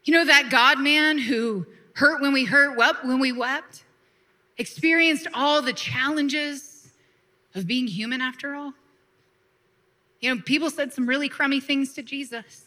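Woman pastor, high bright voice, lively conversational sermon with call-and-response. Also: unhurried. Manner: lively preaching with laughs, call-and-response asides.

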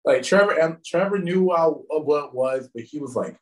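A man's voice: a little high, animated, recorded from a distance, low-quality recording. A man from the Southern United States with a Southern American accent, a wrestler guest on a podcast, telling slangy stories and laughing often. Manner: laughing, slangy, quick anecdotes. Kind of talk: casual podcast storytelling.

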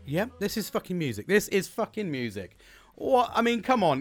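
A man's voice: high voice, big pitch swings, normal speed, faint music behind. A British man hosting a solo podcast, rambling and upbeat, swearing freely between fillers and restarts. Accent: British English. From Britain. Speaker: podcast host. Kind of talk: casual solo podcast chat.

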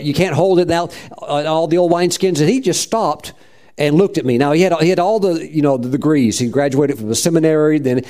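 Mellow-voiced man preaching a testimony. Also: a little high. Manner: rambling, conversational, with many restarts. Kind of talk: testimony sermon.

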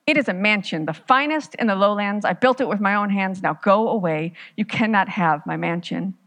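A woman voicing a stubborn, defensive brother who shouts at a visitor to go away. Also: mid-range voice, normal speed, natural voice. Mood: hostile. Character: stubborn, hostile brother defending his hut.

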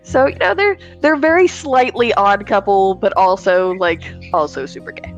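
A woman's voice: medium pitch, expressive, normal speed, soft background music. Woman player, dry humor, lots of uhs, muffled lo-fi mic. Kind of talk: casual play chat on a call. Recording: dull lo-fi call audio.

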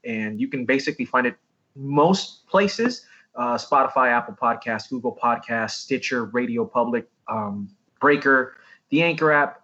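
A man guesting on a podcast, friendly and chatty, with a husky voice and lots of ums. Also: medium pitch, sharp tone, muffled recording. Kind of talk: casual podcast chat.

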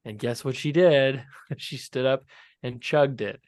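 A man co-hosting a casual podcast, trading sarcastic jokes and breaking into laughter often. His mid-pitched voice sits close and dry on the mic, with no room sound around it. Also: a little slow, a little mellow, no room sound. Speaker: podcast co-host. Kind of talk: casual chat.

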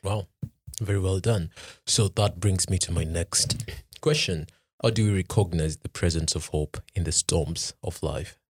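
A man's voice: low voice, a little slow, slightly rough. A man hosting a faith podcast, asking questions and reacting briefly and encouragingly.

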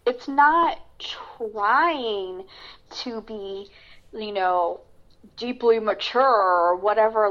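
A woman co-hosting a podcast, chatting casually about a film with lots of fillers and restarts. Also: mid-range voice. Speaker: podcast co-host. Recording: dull lo-fi sound.

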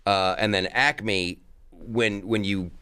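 Male comic guest, expressive storyteller with a bright, sharp tone, on a dry recording. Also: fairly low pitch, takes it slowly, smooth, no echo. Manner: animated, acts out impressions. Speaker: comedian guest. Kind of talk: casual interview storytelling.

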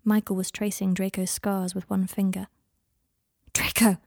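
Measured woman reading a story. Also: mid-range voice, level tone, creaky, mellow, no echo, clean studio sound. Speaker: audiobook narrator. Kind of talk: fan fiction audiobook reading.

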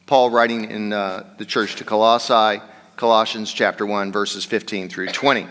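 Man pastor, bright-toned voice, conversational rambling sermon, long hall reverb. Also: on the low side, fairly even intonation, moderate pace.

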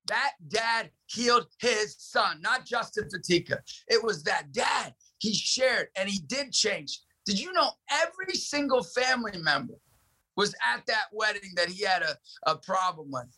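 Intense, bright-voiced man preaching. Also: high voice, expressive, a little slow. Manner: intense, preachy, shouts for emphasis. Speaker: guest, ministry director. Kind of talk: impassioned storytelling.

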